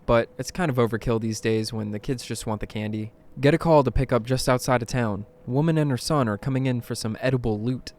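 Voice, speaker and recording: Reading scripted horror stories told in first person, a man speaks at a middle pitch with dramatic flair. At tense moments his voice falls to a hush, then jumps up in alarm when something goes wrong.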